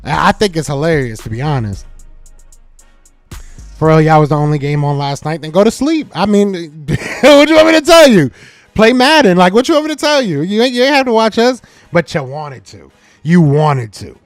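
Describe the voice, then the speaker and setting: A man's voice: a little high, a little fast, dry recording, soft background music. A man hosting a sports talk live stream, answering his chat with teasing jabs that he repeats several times. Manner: animated, talks back to chat commenters. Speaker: podcast host.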